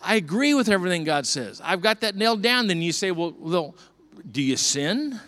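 Middle-aged guy preaching, fairly high voice, gets loud then drops low telling stories. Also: normal speed. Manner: animated storytelling, swings from quiet to loud. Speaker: pastor. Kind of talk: sermon.

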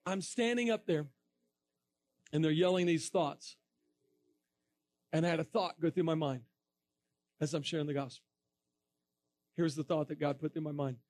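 A man preaching to a room of students, telling a story with lively acted-out quotes and bursts of laughter. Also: a little high, normal speed, long pauses, dry recording. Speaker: evangelist speaking to students. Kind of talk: storytelling sermon.

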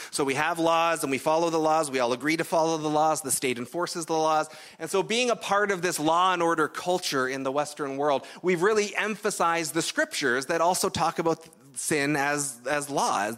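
A man's voice: on the high side, a bit bright. A man from Canada preaching a sermon in a conversational, explanatory way, often checking in with "right?". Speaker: pastor.

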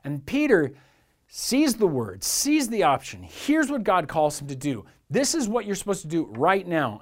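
Male pastor, slightly high voice, earnest conversational sermon delivery. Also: wildly swooping pitch, unhurried. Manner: earnest, conversational preaching with rhetorical repetition.

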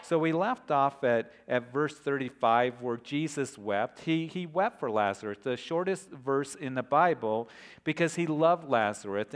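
A middle-aged man preaching a sermon as pastor, earnest and steady, with repeated phrases. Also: mid-range voice. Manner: earnest preaching, softens to a hushed prayer.

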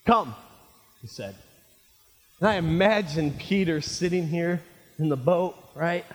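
A male pastor preaching a sermon, animated and jokey, calling his listeners friends. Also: a little high, measured pace. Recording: reverberant hall.

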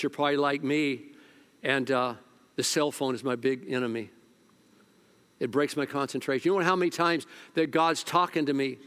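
A male pastor preaching a sermon at a church service, telling stories, sometimes hushed and sometimes loud. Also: a little high, smooth.

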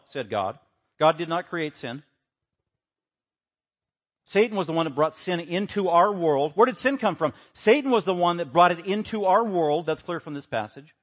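Male pastor, slightly raised pitch, emphatic sermon delivery with loud rhetorical questions. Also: animated, normal speed, pauses often.

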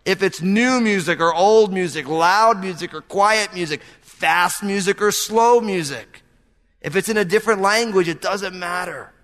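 A man's voice: high voice, a bit bright. Earnest preaching man in a reverberant hall. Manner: earnest, conversational preaching with asides. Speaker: pastor. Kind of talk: sermon.

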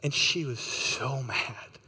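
A man preaching a sermon, telling a story with lively acted-out voices and asking the listeners questions. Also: medium pitch, slow, husky, long reverb tail. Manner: animated storyteller, acts out voices. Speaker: pastor.

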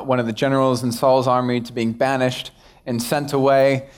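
A young man, a pastor, giving a casual, self-deprecating sermon and acting out quoted exchanges. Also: medium pitch. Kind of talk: conversational sermon.

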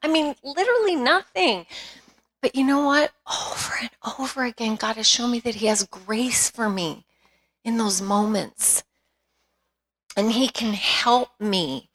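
A woman's voice: mid-range voice, a bit bright. A middle-aged woman speaking at a women's retreat, candid and conversational, often restarting her sentences.

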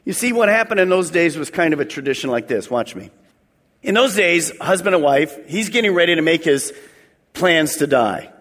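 Male pastor preaching, high and very lively voice, church hall reverb. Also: moderate pace. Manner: animated preaching, acting out voices, call-and-response with the congregation. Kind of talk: sermon. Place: church sanctuary.

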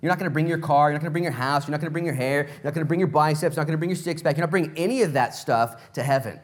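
A man preaching a sermon, animated and playful, telling stories in acted voices and asking the congregation direct questions. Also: fairly high pitch, very fast. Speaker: pastor.

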